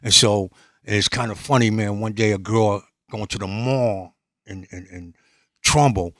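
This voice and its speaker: A man from New England, a podcast guest telling street stories in a lively, streetwise way and acting out other people's lines. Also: fairly low pitch, a little slow, no room sound, clean studio sound. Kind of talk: storytelling in casual conversation.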